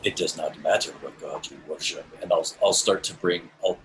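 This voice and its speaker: A man playing a tabletop game, speaking haltingly and coaxingly in character. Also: a bass voice, a bit bright, a little hiss or hum, rough recording. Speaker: player. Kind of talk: tabletop role-play.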